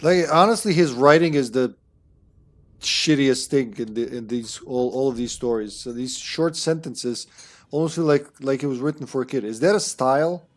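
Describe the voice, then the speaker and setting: A young man chatting casually as he streams a game, rambling through critical asides and mild swearing. His voice sits at an everyday middle pitch. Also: normal speed. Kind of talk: casual gameplay commentary.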